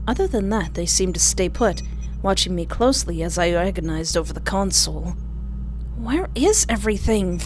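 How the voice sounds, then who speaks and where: Expressive woman reading a game aloud. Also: mid-range voice, a little hiss or hum. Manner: expressive, joking asides between read lines. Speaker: streamer.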